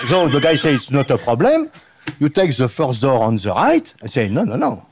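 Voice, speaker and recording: A man's voice: mid-range voice, huge pitch swings, moderate pace, noisy background. A man with a French accent telling a comic anecdote in broken English, laughing through his own punchlines as a guest impressionist.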